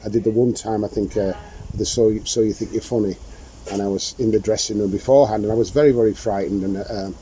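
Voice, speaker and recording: An older man hosts a relaxed outdoor chat, his voice dark and mellow as he wanders through rambling stories and breaks into laughter. A faint wash of outdoor noise sits behind him. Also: fairly low pitch, fast, poor audio. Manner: rambling anecdotal storyteller, laughs often. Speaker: podcast host. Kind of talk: casual chat. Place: outdoors in the sunshine.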